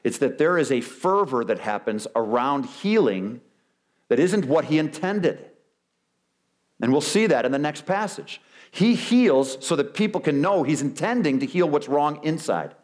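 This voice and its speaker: Animated man preaching a sermon. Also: normal speed. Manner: animated preaching, acts out quoted excuses with big pitch swings. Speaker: pastor. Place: church sanctuary.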